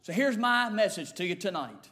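A man preaching a fiery revival sermon, using rhythmic repetition and swinging from shouted lines to hushed ones. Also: high voice, animated, moderate pace.

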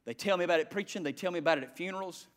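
A male pastor preaching a sermon, swinging from shouts to hushed tones in a repetitive cadence. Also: high voice, racing. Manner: dramatic swings from shouting to hushed near-whispers.

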